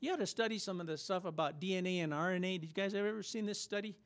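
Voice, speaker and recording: A man's voice: high-pitched, rapid-fire. A man preaching a sermon, emphatic and repetitive, firing off rhetorical questions to his listeners.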